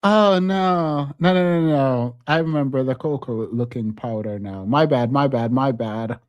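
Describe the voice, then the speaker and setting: A man's voice: mid-range voice, measured pace, dry recording, highs cut off. A man hosting a live stream, telling a story in a casual chat and laughing often. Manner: laughs often, talks animatedly.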